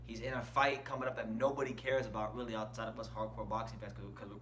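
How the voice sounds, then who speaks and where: A man's voice: fairly low pitch, level tone, quick pace, noisy background. A man hosting a casual boxing channel, giving opinionated commentary and stressing key words, speaking from an indoor room. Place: indoor room with shirts on the wall.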